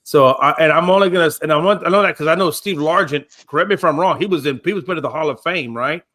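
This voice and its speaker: A man with a bright, forceful, fairly high voice joins a casual sports panel. He talks in a teasing, animated way and ribs the others. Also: fast.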